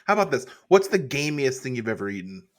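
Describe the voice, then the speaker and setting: A man's voice: mid-range voice, very animated, fast talker, a bit bright. A man co-hosting a podcast in casual chat, playful and slipping into goofy voices when he quotes people. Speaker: podcast co-host.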